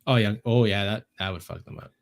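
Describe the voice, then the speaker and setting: A man hosting a casual podcast, telling stories in an animated way with lots of swearing and repetition. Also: fairly low pitch, brisk, creaky. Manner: animated storytelling, swearing, repeats himself. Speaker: podcast host. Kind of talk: casual chat.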